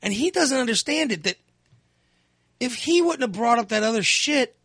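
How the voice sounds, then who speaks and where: A man's voice: extremely high pitch, moderate pace, breathy edge, no room sound, clean studio sound. A man in casual talk, ranting about politics, sighing, swearing and mocking what others say. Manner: animated, mocking quotes of others, swears, sighs.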